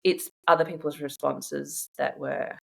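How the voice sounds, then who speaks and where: A woman in a casual interview, telling personal stories in a chatty, animated way and laughing often. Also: deep voice, a little slow, creaky. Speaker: guest sharing her own experience.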